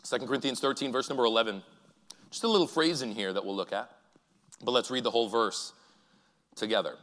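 A man preaches an earnest sermon at a middle pitch. He talks in halting bursts and restarts his phrases. His voice carries the long reverb of a church hall. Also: fairly bright tone.

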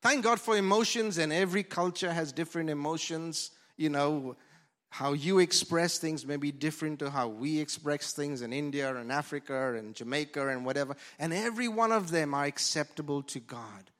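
A man preaching a lively sermon as pastor, swinging from loud shouts to soft whispers into a handheld mic in a church. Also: on the high side, normal speed. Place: church hall.

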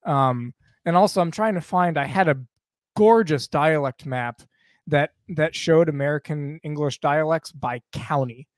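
A man's voice: fairly high pitch, measured pace, no room sound, studio quality. A man co-hosting a casual podcast chat, rambling and going off on tangents. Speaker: podcast co-host.

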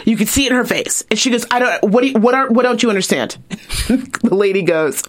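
A young adult woman co-hosting a podcast, telling a story in a casual, animated and profane way and acting out the people she quotes. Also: on the high side, a little fast. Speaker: podcast co-host.

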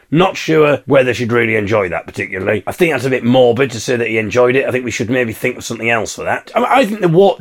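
Animated, wry English man on a comic rant. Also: mid-range voice, vocal fry. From England. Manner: wry, animated, mock-indignant, sings snatches of carols. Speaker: podcast host. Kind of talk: comic monologue.

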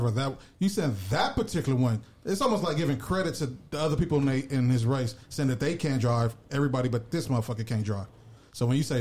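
A man on a podcast laying out his argument with animated examples. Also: medium pitch, very fast. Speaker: podcast co-host. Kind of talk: casual debate chat.

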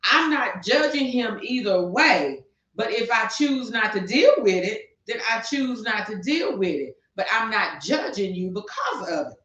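A woman's voice: fairly high pitch, lively intonation, a little slow, fairly bright tone. A woman co-hosting a talk show, passionately ranting and firing rhetorical questions, speaking. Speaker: podcast co-host. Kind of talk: heated opinion talk. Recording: distant, echoey, dull lo-fi sound.

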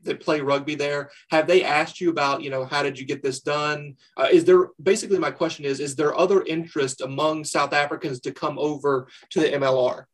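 A man hosts a fan podcast and interviews his guest in an easygoing, talkative manner. His voice is a touch high, and he fills his questions with uhs and you-knows. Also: fairly even intonation, a little fast, hardly any pauses. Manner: friendly, chatty, lots of fillers. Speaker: podcast host.

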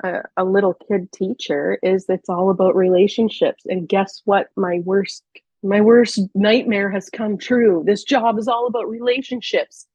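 A woman's voice: medium pitch, steady tone, unhurried, a little mellow, slightly rough, dry recording, highs cut off. A woman in her thirties, speaking as a podcast guest and telling personal stories in a candid, chatty way with hesitant restarts. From Canada. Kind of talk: casual personal storytelling.

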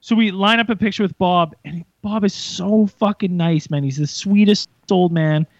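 A man's voice: sits high, normal speed, no echo, lo-fi sound. A man hosting a podcast, telling a story animatedly with swearing and acted-out quotes. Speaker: podcast host. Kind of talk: casual chat.

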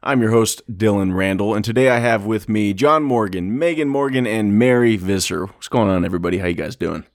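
A man hosting a podcast, reading a brisk, dramatic topic intro between casual chat. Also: on the low side, no room sound, clean studio sound. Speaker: podcast host.

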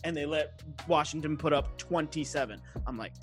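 A man's voice: on the high side, moderate pace, fairly bright tone, soft background music. A young man in casual sports chat, ranting in a heated, profane way. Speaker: podcast co-host, sports fan.

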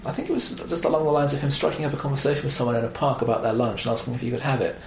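A man chatting casually about films, animated and wry, with exasperated asides. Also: medium pitch, very fast, creaky. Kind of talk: casual film chat. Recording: roomy echo, faint background noise.

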